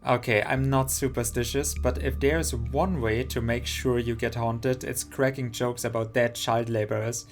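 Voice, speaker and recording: A man's voice: medium pitch, steady tone, moderate pace, hardly any pauses, soft background music, natural voice. A man voicing a nervous, superstitious young woman who frets anxiously, reading a game's lines aloud. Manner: anxious, fretful.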